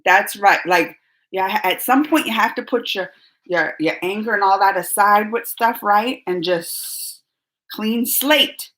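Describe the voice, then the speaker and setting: Woman, forties, bright sharp voice, animated, casual live-stream host. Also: mid-range voice, measured pace, rough recording. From United States. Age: 40s. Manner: animated, repeats herself, talks straight to chatters by name.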